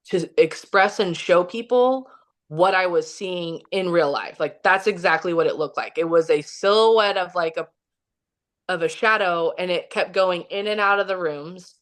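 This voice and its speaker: A woman with a slightly low voice tells a personal story on a podcast. She rambles and fills her sentences with "like" and restarts, and she acts out other people's lines as she goes. The delivery is casual and conversational. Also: fairly bright tone. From Kansas City, Missouri. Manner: rambling, filler-heavy, acts out quoted dialogue. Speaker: podcast guest.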